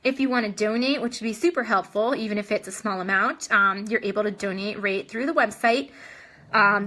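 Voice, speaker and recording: A woman's voice: medium pitch, bright, forceful tone. A young adult woman hosting a casual live video chat, answering viewer comments in a chatty way full of ums and restarts, a little short of breath.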